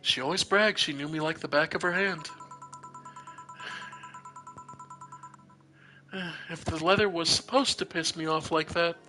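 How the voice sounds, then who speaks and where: Weary, guarded woman bartender with a bright, sharp tone, quiet and halting, read aloud by a streamer; soft game music under it. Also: medium pitch, lightly acted, rough recording. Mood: wry. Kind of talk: reading visual novel dialogue aloud.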